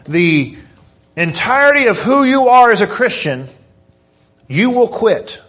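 A middle-aged man preaching a sermon in church, fervent and hoarse, swinging from soft, slow stresses to quick, excited bursts. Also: extremely high pitch. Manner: fervent, rising to excited emphasis.

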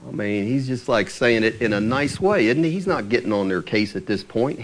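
Lively-voiced man teaching scripture. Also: medium pitch, a little fast, few pauses. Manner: explains verse by verse, asks the listeners questions, chuckles. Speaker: preacher. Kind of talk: conversational Bible teaching.

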